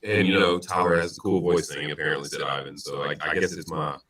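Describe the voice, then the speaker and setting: A man with a very low, bright and forceful voice talks through his betting picks on a stream. He rambles with plenty of fillers and restarts. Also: fairly even intonation, quick pace, poor audio. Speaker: sports betting show co-host. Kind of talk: casual sports betting chat. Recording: stream audio, sometimes robotic-sounding.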